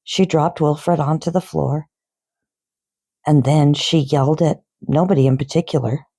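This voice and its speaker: A woman reads a children's novel aloud with an expressive storybook delivery. Her voice is low and mellow, and she takes her time. The recording is dry and close. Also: husky, dry recording. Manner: expressive storybook reading, unhurried.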